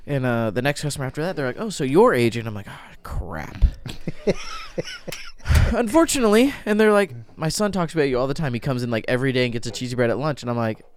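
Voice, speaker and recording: Lively young man telling stories. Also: mid-range voice, racing, clear, resonant tone. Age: 20s. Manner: animated storyteller, acts out customers. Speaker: podcast co-host, business owner. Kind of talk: casual podcast chat.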